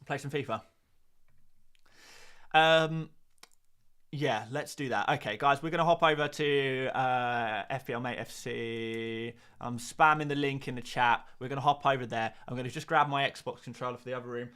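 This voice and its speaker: A man's voice: mid-range voice, fairly even intonation, moderate pace, a bit bright, clean tone. A man hosting a casual live stream about fantasy football, talking to his chat with self-mocking asides. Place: home room.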